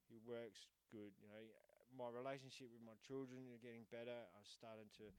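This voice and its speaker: A man's voice: medium pitch, steady tone, normal speed, a little mellow, smooth, no echo, low-quality recording. A man giving a rambling personal testimony to an audience, full of fillers. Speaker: program resident giving testimony. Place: speaking in front of an audience.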